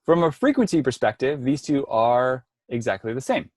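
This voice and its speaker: A man's voice: medium pitch, big pitch swings, moderate pace, darkish tone, no echo, studio quality. A man presenting an online workshop, explaining step by step with frequent ums and restarts over a video call. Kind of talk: online lecture.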